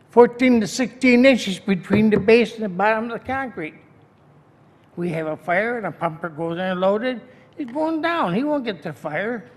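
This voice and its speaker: Angry man addressing a council. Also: high-pitched. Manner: heated, accusing, emphatic. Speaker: public commenter at a city council meeting. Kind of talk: angry public comment. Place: city council chamber. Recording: echoey council chamber.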